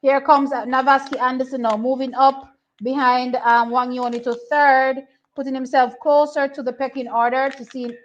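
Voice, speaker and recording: A young woman giving casual live commentary on a track race, excitable and repeating herself as she thinks aloud. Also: high voice, normal speed, a little hiss or hum. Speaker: track and field watch-along host. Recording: slightly muffled lo-fi audio.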